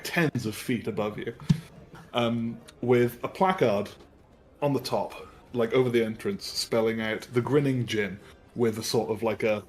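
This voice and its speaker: A man narrating a tabletop game as dungeon master, rambling and hesitant with many fillers. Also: mid-range voice.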